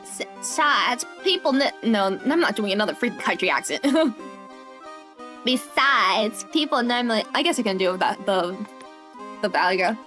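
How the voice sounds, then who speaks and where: Giggly young woman streamer, lively pitch. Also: moderate pace, faint music behind. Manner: giggly, animated, self-mocking. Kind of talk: casual gameplay commentary.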